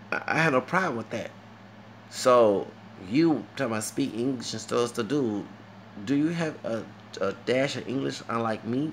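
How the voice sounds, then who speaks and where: A man's voice: medium pitch, fairly bright tone, a little hiss or hum. A man with a Southern US accent ranting to camera in a heated, mocking monologue and dropping Spanish phrases into his talk. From United States. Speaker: vlogger.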